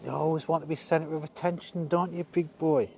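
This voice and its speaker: A man's voice: a little high, fairly even intonation, fairly quick, vocal fry, darkish tone, a little hiss or hum. A man on a bike ride who stops by a field and chats fondly and teasingly to horses, talking casually to his stream viewers. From England. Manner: fond, teasing talk to animals. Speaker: cycling streamer.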